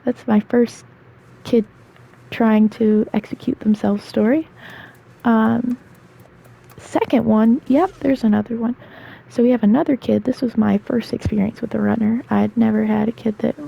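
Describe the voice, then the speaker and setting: A woman's voice: on the high side, vocal fry, husky, dull audio. A woman in her twenties, rambling through casual stories with lots of fillers while she plays a game. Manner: chatty, rambling with fillers and asides. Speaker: gaming storyteller. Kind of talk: casual storytelling while gaming.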